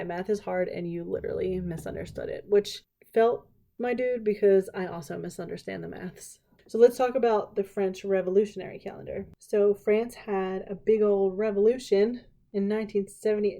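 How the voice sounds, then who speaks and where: Chatty woman podcaster, mellow voice. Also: medium pitch. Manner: chatty and jokey, heavy use of "like", quick asides; laughs often and slips into silly put-on voices. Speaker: podcast host. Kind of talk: casual solo podcast monologue.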